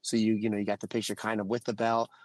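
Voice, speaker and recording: A man co-hosting a podcast, chatting casually and telling stories with lively energy. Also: fairly low pitch, fast talker, no room sound. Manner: animated storyteller. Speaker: podcast co-host.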